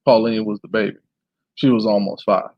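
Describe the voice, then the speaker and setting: A man reading a memoir aloud in a plain, steady way, now and then clearing his throat. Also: on the low side, fairly quick, no echo, dull audio. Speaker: reader.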